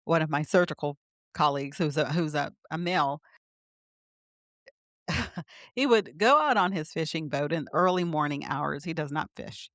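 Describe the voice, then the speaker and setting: Casual earnest middle-aged woman talking it through, low voice, no room sound. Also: moderate pace, pauses often, fairly bright tone, dry recording, clean studio sound. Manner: earnest, explanatory, laughs lightly mid-sentence. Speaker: physician guest. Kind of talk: conversational interview.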